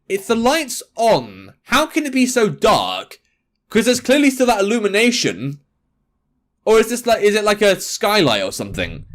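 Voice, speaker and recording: A young man reading a visual novel aloud and adding jokey, sarcastic asides. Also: a little high. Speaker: gaming video host.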